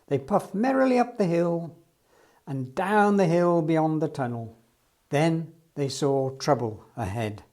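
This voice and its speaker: A man reading a children's storybook aloud in an expressive storytelling manner. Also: on the high side, unhurried. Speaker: storybook reader.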